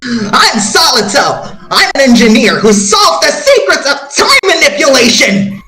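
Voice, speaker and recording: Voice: high voice, very animated, a little slow, crowd noise. Someone doing a time-looped engineer. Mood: dramatic. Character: engineer stuck in a time loop. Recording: roomy echo.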